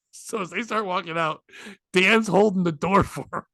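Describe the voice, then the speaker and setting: A man with a high, bright voice tells a rowdy story on a comedy podcast. He swears freely and acts out the other people's lines. The sound is close and dry. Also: moderate pace, no room sound. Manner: acts out quotes with shouting, swearing, laughing.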